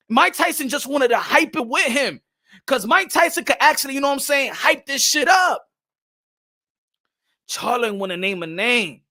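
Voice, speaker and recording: A loud, hyped man hosts a boxing live stream in a very high, bright voice. He shouts out viewers, curses freely and drops in the odd Spanish phrase. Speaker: boxing channel host.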